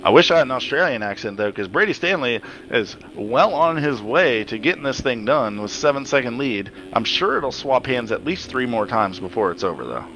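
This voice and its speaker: A man's voice: mid-range voice, normal speed, few pauses, faint music behind, rough recording. A man giving casual, joking play-by-play commentary on a simulated motocross race, swearing freely. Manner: joking, profane, excitable.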